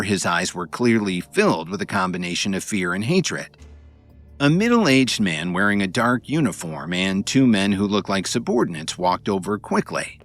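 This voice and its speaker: Man, audiobook narrator, lowish voice, lively intonation, dramatic, faint background music. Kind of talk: audiobook narration of a web novel.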